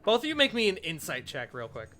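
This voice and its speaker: A man narrating a tabletop game as game master, relaxed with many fillers. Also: sits high, quick pace, soft background music.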